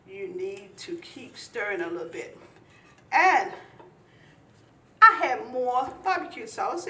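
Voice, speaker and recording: A woman from eastern North Carolina, giving a folksy, animated cooking demonstration. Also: a little high, reverberant, far from the mic, a little hiss or hum. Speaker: home cook.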